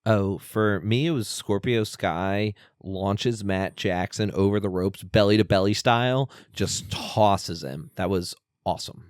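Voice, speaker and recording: A man co-hosting a podcast in casual chat, telling stories in an animated, chatty way. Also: lowish voice, unhurried, hardly any pauses, clean tone, no echo, clean studio sound. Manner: chatty, animated storyteller with laughs. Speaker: podcast co-host.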